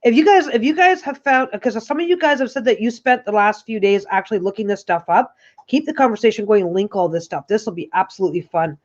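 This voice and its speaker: Speaking fast in a mid-range voice, a woman runs a relaxed livestream chat while sitting on her couch at home. She wanders off track and keeps restarting sentences, and the recording is dull and lo-fi.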